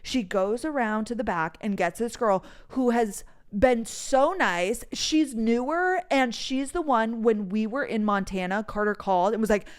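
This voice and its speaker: Young woman, slightly high voice, casual storytelling rant, exasperated, profane, lots of "like", voice memo. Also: a little slow, hardly any pauses, clean tone. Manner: exasperated, swears freely, heavy use of "like". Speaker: podcast host. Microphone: voice memo recording.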